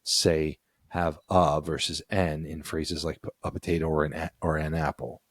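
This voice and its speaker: A man's voice: very deep voice, little pitch movement, normal speed, no room sound, clean studio sound. A man co-hosting a podcast, reading from an article and explaining it in a casual, easy-laughing way; he is from the United States and has kids. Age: adult with children. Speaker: podcast co-host.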